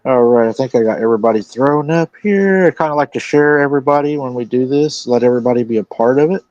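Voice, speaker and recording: A man hosting a live stream in a relaxed way, retelling a witness's account and quoting his words. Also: medium pitch, fast talker, dry recording, dull audio. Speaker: host.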